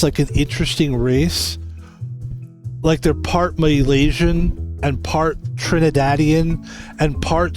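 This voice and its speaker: American male streamer, slightly high voice, loose rambling chat, swears a lot, light music underneath. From United States. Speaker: game streamer and host. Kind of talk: casual stream chat while gaming.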